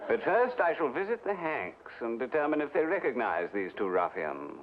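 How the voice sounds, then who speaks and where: A pompous English gentleman crook. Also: medium pitch, very animated, moderate pace. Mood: scheming. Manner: pompous, polished and scheming. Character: genteel English gentleman outlaw mastermind, sly. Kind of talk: 1960s TV western comedy acting. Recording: dull old TV soundtrack with loud crowd and noise.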